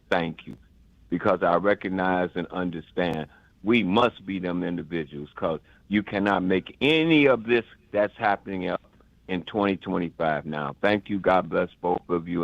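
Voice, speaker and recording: A man's voice: low-pitched, no echo. An older man from the Chicago area calling in to a radio show, emotional and rambling, stammering and repeating himself. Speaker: caller. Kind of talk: impassioned call-in rant. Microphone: phone. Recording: dull phone line.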